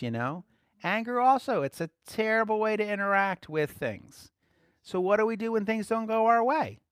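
A man giving conversational Bible teaching as a preacher, relaxed, laughing lightly and repeating key phrases. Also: high voice, normal speed, clean tone, no room sound, clean studio sound.

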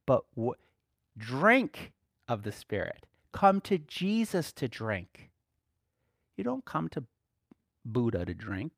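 A man's voice: medium pitch, no room sound, studio quality. A male preacher teaching a sermon to a small group, asking rhetorical questions and chuckling often as he talks.

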